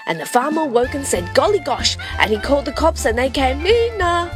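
A woman reading a rhyming children's picture book aloud in a sing-song, animated way. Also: high-pitched, fast talker. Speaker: storyteller. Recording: loud background music. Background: music.

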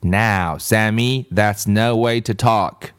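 A man's voice: lowish voice, slow. Storybook: a fussy teacher lady with a sugary lilt, voiced by a male reader. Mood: prim. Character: prim fussy female schoolteacher.

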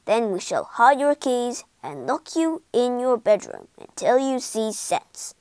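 A woman voicing a stern but kindly old male badger who speaks slowly and firmly. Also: a little high, very animated, darkish tone, clear, resonant tone, no room sound.

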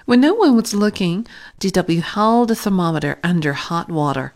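A woman reading a children's picture book aloud in an expressive, unhurried way. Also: fairly low pitch. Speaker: storybook reader. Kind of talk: children's story read-aloud.

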